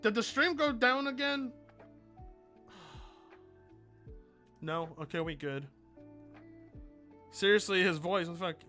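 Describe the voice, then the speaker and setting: A man talks to his live stream in a loose, rambling way, swearing as he reads out donations. His voice sits high and sounds bright and forward. Faint music plays under him. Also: lively intonation, takes it slowly, pauses often. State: mellowed out. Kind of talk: casual livestream chat.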